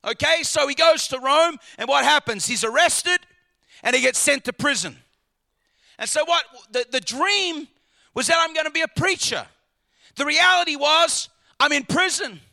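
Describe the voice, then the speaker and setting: High, gravelly preaching man. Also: moderate pace, pushed and bright. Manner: emphatic preaching, rhetorical questions to the congregation, repeats words. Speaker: pastor. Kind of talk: sermon.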